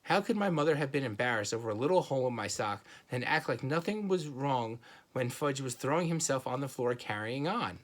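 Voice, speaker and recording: A man reading a children's chapter book aloud in a steady storytelling manner. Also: mid-range voice, brisk. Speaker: reader.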